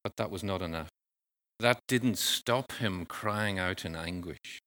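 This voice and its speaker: A man preaches a sermon slowly and deliberately, his slightly low voice bright and forward. His phrasing is measured and earnest.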